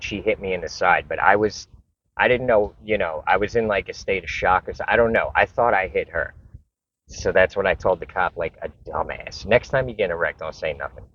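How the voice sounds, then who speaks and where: Low-voiced man telling a rambling story. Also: normal speed, a bit bright. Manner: rambling, profane, repeats and restarts. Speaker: vlogger. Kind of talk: casual storytelling to camera. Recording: dull lo-fi recording.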